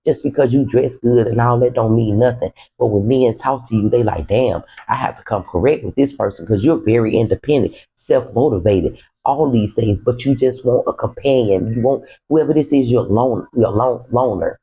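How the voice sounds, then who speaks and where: A man's voice: mid-range voice, moderate pace, husky, poor audio. A man giving a casual, conversational tarot reading, talking straight to his viewers. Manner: relaxed, conversational, speaks to viewers as "you" and "the collective". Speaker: tarot reader.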